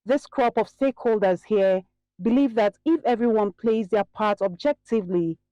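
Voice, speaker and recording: Lady reporter voice-over, mellow, dry and a bit dull sounding. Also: mid-range voice, normal speed, dry recording. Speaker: news correspondent. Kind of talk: scripted news report voice-over.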